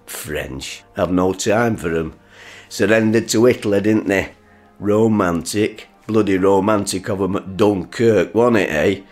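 Guy doing a grumpy dad, deep voice, sarcastic and gruff, faint music. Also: measured pace, a little mellow, close to an everyday voice. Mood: ranting. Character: grumpy bigoted working-class father. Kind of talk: radio play acting.

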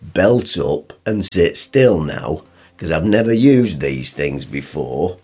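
Grumpy northern dad, real deep voice, blunt and sarky. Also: male voice, lively intonation, slow, darkish tone, husky, full character voice. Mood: gruff. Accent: northern English. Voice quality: blunt, grumbling, dry teasing. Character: gruff sarcastic northern working-class dad. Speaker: father.

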